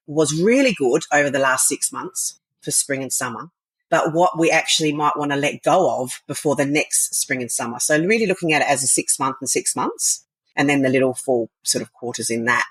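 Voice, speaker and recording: A woman's voice: sits low, moderate pace, husky, no room sound, poor audio. A woman, speaking as a podcast guest in an enthusiastic, rambling way. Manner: enthusiastic, rambling, frequent fillers and laughs. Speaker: podcast guest, wellness coach. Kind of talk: casual interview chat.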